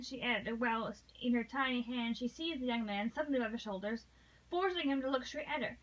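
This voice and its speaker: High-voiced woman reading a classic novel aloud. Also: poor audio. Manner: reads with pauses and restarts, dramatic at emotional passages. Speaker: reader.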